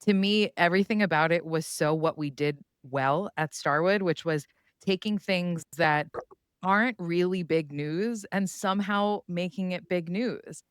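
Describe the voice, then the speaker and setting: Woman host, conversational, smooth voice, dry sound, interview chat. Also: lowish voice, unhurried, no echo. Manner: friendly, conversational, laughs along. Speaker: podcast host.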